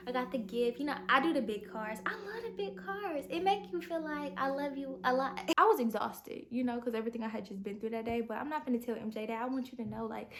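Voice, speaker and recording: A young woman vlogger telling a storytime in an animated, slangy way, acting out the dialogue, recorded in her bedroom at home. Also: a little high. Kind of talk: storytime vlog.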